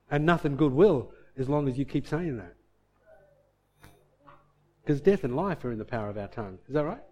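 A man's voice: medium pitch, lively intonation, normal speed, long pauses, dark tone. A middle-aged man preaching a sermon as pastor, earnest and impassioned, often acting out the voices of believers.

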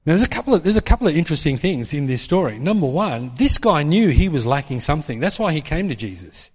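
Animated preacher man in a reverberant hall. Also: fairly high pitch, quick pace, breathy edge. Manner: animated, acts out quoted voices. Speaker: pastor. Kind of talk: sermon.

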